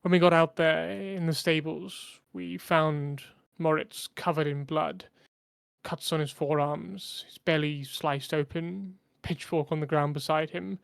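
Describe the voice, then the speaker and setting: A man playing a shaken innkeeper, halting. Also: on the high side, fairly even intonation, vocal fry, smooth, no room sound, studio quality. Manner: heavy, halting, hesitant speech. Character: shaken middle-aged male innkeeper.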